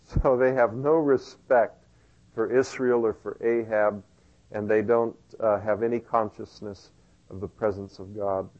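A man's voice: lowish voice, steady tone, unhurried. Guy pastor preaching in church, chatty, jokes about himself, a bit muffled. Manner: conversational, self-deprecating asides, fillers. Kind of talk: sermon.

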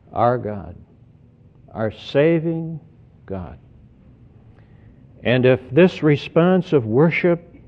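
A man preaching a sermon in an earnest, deliberate way, often repeating words as he stresses each point. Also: mid-range voice. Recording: tinny phone-like sermon recording.

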